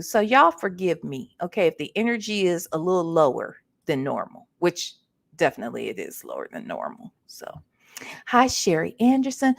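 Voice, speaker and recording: A tired, low-energy woman hosting a casual livestream and greeting her chat one by one. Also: creaky, fairly bright tone. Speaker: livestream host.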